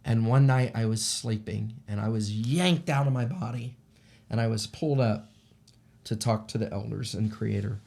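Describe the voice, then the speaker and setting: Guy telling a spooky story, kinda gravelly, middle-aged, gets animated. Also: fairly low pitch, moderate pace. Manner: animated, acts out the voices of people in his stories. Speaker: shaman sharing paranormal stories. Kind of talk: casual spoken storytelling.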